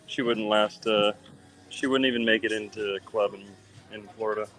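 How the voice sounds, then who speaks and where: A man joining a casual livestream chat from outdoors, deadpan and dry. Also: on the low side, normal speed, soft background music, low-quality recording. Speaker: guest.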